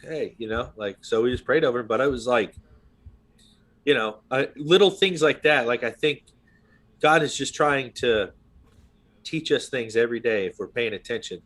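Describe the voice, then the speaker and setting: Expressive and fairly bright in tone, this man in his thirties talks casually on a podcast at a moderate pace. He rambles through a story packed with fillers and asides, peppering it with "you know what I mean."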